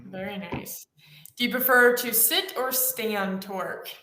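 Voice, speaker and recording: A woman co-hosting a webinar, asking quick-fire questions in a brisk, upbeat way on a video call. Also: mid-range voice, pushed and bright, roomy sound, slight background noise. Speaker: co-host running a quiz round.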